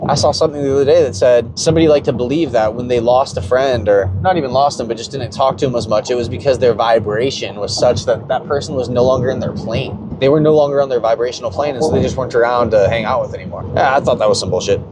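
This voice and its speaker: A man's voice: medium pitch, fast, hardly any pauses. A young man ranting unscripted about crypto as a YouTuber, rambling, profane and confessional, with vehicle noise behind him. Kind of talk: unscripted rant.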